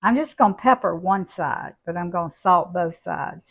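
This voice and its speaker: An older woman, showing a home cooking recipe in a folksy, unhurried way from her kitchen. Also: fairly low pitch, vocal fry, fairly bright tone, lo-fi sound. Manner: folksy, unhurried, homey talk. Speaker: cooking channel host.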